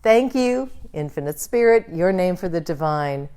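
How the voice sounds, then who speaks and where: A woman minister leading a church service, guiding prayer and affirmations in a slow, soothing way. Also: lowish voice, expressive, warm tone, clean tone. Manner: slow, soothing, leads the congregation in call-and-response. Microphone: livestreamed church service.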